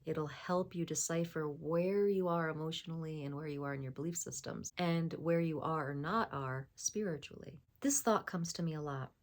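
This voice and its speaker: Low-voiced woman giving gentle spiritual advice. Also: normal speed, few pauses. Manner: gentle, affirming, drops into soft whispers. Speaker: spiritual voice coach. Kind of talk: spiritual self-help talk.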